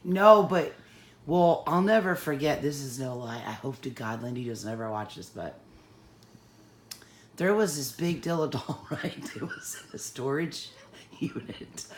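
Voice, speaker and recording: A woman co-hosting an online sale, telling animated stories with a lot of laughter. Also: very deep voice, measured pace, a little hiss or hum. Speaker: co-host selling magical items. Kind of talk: casual storytelling chat. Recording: echoey room.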